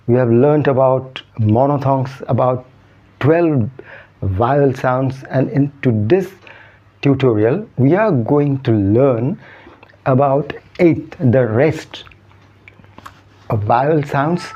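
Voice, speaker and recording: Slow, deliberate Odia-accented man teaching sounds. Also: medium pitch, warm tone. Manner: repeats each sound several times with drawn-out emphasis. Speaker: English pronunciation teacher. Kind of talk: slow, deliberate spoken English lesson. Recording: slightly dull, lo-fi sound.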